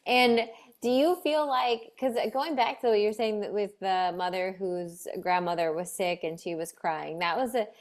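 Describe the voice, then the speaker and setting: A woman hosting a casual interview, asking rambling questions quickly and laughing often. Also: medium pitch. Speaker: podcast host.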